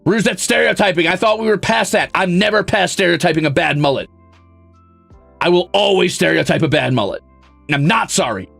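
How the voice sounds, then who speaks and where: A man's voice: high voice, lively intonation, brisk, creaky, a bit bright, no room sound, soft background music. A man streaming, reading viewer messages in casual chat with a brash, sarcastic, mock-grumpy way of talking.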